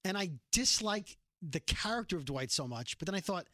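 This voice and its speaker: A man's voice: sits high, lively intonation, moderate pace, sharp tone, dry recording, studio quality. A man from Brooklyn with a New York accent, co-hosting a podcast in rambling, joking casual chat. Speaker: podcast co-host.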